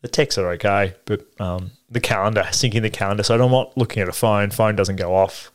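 A man's voice: fairly low pitch, fairly quick. A man with an Australian accent chatting casually, rambling with lots of fillers. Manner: rambling, filler-heavy, animated. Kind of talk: casual chat.

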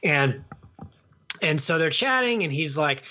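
Male podcast co-host, casual and rambling, a bright and forceful voice. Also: a little high, big pitch swings, brisk. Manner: rambling, with many restarts and repeated words. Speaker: podcast co-host reviewing movies. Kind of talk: casual chat.

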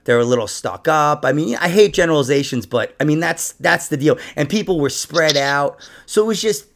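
A man's voice: fairly high pitch, animated, fairly quick, a bit bright. A man, a comedian, talking casually and emphatically on a podcast, swearing freely.

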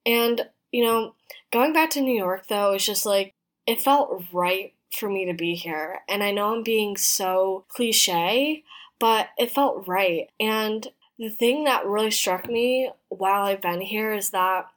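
A woman's voice: medium pitch, slow pace. A woman in her twenties hosting her own podcast, talking in a chatty, heartfelt way, full of "like" and "you know.". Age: 20s. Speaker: podcast host. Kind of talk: casual personal podcast monologue. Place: apartment room in a city.

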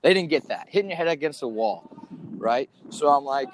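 A man's voice: a little high, expressive, brisk, a little hiss or hum. A man co-hosting a casual chat show, telling a long story in a rambling, profane way, full of fillers. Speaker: podcast co-host.

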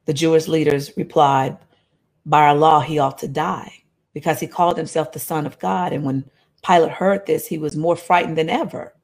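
A woman preaching a sermon, reading scripture aloud with animated, conversational asides to her listeners. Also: low-pitched, normal speed.

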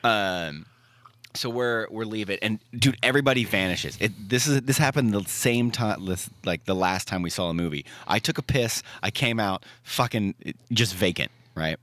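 A man's voice: on the low side, moderate pace. A young man telling stories in casual chat, blunt and profane, acting out what people said. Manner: profane, blunt storytelling with animated quoted asides.

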